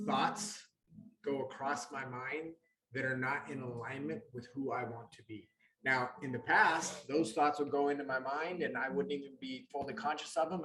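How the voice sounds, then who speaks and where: A man's voice: mid-range voice, fairly bright tone. A man co-hosting a wellness show who gives motivational coaching talk and often checks in with his listeners. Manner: explanatory, often checks in with "right?". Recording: roomy, echoey room.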